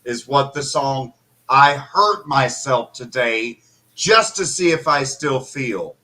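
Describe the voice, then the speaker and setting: Bright-voiced joking man. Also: mid-range voice, expressive, slow pace. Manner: joking, swears freely. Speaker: podcast co-host, musician. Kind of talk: casual chat.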